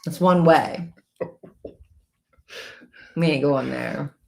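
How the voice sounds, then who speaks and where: Middle-aged woman, casual live-stream co-host, lowish voice, chatty and playful. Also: very slow, gravelly. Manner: chatty, playful, baby-talks to the dog.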